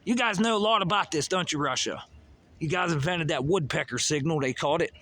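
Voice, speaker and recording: A man's voice: a little high, brisk, sharp tone. A man delivering a rambling, profane monologue full of pseudo-technical talk, recorded outdoors near a busy road. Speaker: vlogger. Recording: outdoor traffic noise.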